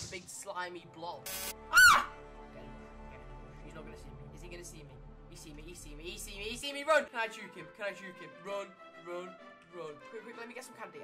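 A woman giving excitable live commentary on her own gameplay, yelping and shouting in bursts and repeating quick exclamations. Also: mid-range voice. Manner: excitable, frequent yelps and shouts; fast repetitive exclamations. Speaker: gaming YouTuber. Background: background music.

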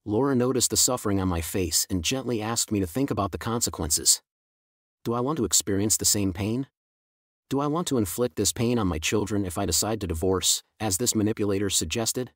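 A middle-aged man gives a scripted first-person story narration. His low voice stays even and steady throughout. The recording is dry and close. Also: fairly quick, no echo.

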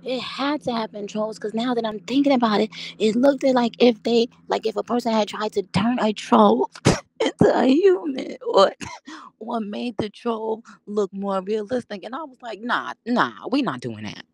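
A woman chatting casually and profanely on a livestream, rambling, laughing often and talking with animated energy. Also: on the high side, moderate pace, vocal fry. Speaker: livestream host. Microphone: audio livestream from home.

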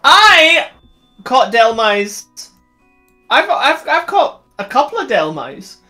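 A man's voice: extremely high pitch, huge pitch swings, slow, bright, forceful tone, soft background music. A man co-hosting a casual livestream, enthusiastic and laughing often, with rambling restarts. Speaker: co-host.

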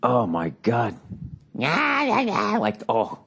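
A man's voice: medium pitch, expressive, moderate pace, a little mellow. A man from the United States, a comedian and podcast host, ranting through a solo monologue with lots of swearing, sarcasm and restarts. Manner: profane, rambling, exasperated ranting; frequent fillers and restarts, sarcastic.

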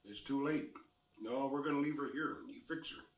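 An older man voicing a stern old grandfather who speaks low and firm. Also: brisk, lightly acted. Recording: roomy, mic at a distance.

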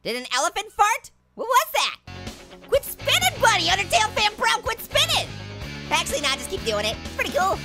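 Annoying Orange, a squeaky giggling fruit. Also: male voice, a little fast, vocal fry, heavily acted. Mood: giddy. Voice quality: squeaky, high and nasal with constant giggles. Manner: excitable, jokey, squealing at close calls. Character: hyperactive giggly male talking orange. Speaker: gaming channel host. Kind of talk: cartoon let's-play commentary. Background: game music.

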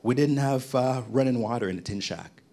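A middle-aged man from Jamaica, a podcast guest, telling his story in lively conversation and acting out the people he quotes. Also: medium pitch, brisk. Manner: animated storyteller, acts out quoted voices.

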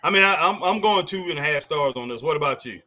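A man's voice: a little high, lively intonation, quick pace, pushed and bright. A man co-hosting a live wrestling watch-along, reading viewer comments and exclaiming at the action.

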